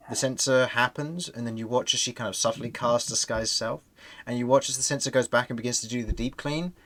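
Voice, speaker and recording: A man's voice: medium pitch, fairly bright tone, a little hiss or hum. A man narrating as game master of a tabletop game, describing scenes with frequent restarts.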